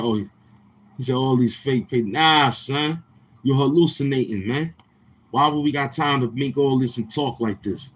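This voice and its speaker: Brash husky-voiced man heckling on stream. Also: medium pitch, poor audio. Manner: brash, heckling slang-heavy banter. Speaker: live-stream host. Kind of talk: casual livestream chat.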